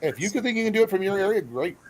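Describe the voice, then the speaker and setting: A man's voice: high-pitched, expressive, rapid-fire, rough recording. A man from Iowa hosting a casual live stream, talking in a rambling, friendly way with lots of fillers. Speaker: host.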